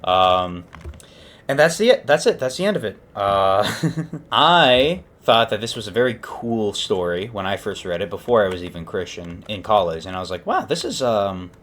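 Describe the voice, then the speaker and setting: A man's voice: lowish voice, expressive, moderate pace, a bit bright. A young man casually retelling a story, rambling and correcting himself with lots of fillers. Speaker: podcast host.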